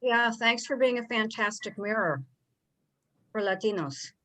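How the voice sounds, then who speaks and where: A woman's voice: on the high side, measured pace, fairly bright tone, poor audio. A woman in her forties moderating a video-call interview, asking questions in an upbeat, friendly way.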